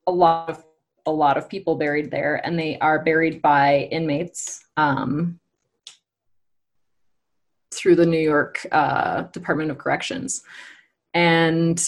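A woman's voice: low-pitched, fairly even intonation, slow pace, long pauses. A young woman talking through a topic in casual conversation, thoughtful and hesitant, with many fillers and restarts.

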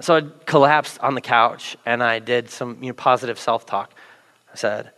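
A man who is a pastor, preaching a sermon with animated, self-deprecating storytelling. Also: medium pitch, moderate pace, long reverb tail. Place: large church auditorium.

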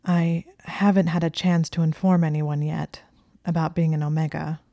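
A woman reading the part of a nervous young woman student who sounds flustered and strained, in a low, mellow, dry voice. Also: level tone, normal speed, no echo, dull audio. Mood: anxious, pleading. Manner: flustered, strained and shrill at times.

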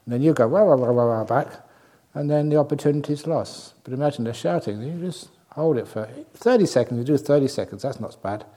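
A man giving a talk as a meditation teacher, playful and humorous, who laughs at his own jokes and shifts between slow, soft, spaced-out words and quick, high bursts to make his points. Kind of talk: spoken talk on calming the mind.

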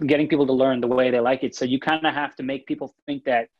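Male podcast co-host, casual and animated, slightly dull lo-fi sound. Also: medium pitch, fast talker. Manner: animated, restarts phrases, reads listener comments.

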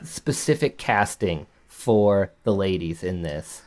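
Deep-ish man musing on a movie. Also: expressive, slow pace, a little mellow. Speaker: podcast co-host. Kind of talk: casual film discussion.

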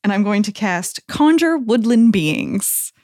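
A woman playing a tabletop game, reading rules aloud in an unhurried way. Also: medium pitch, animated, a little mellow, no echo, studio quality. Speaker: player. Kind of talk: casual tabletop play.

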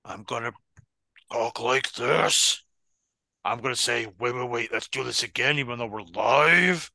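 Boastful pro wrestler, gravelly and bright, a man putting on slow drawn-out words. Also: medium pitch, no room sound, studio quality, heavily acted. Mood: blustering, drawn-out. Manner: drawn-out, deliberately slow delivery.

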